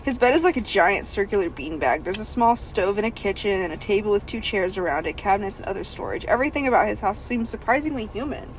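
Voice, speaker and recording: On her comedy podcast, this woman races through a first-person novel reading with hardly any pauses, stopping for laughs and side jokes. She speaks fast and expressively in a mid-range voice, and the rough recording carries a little hiss or hum.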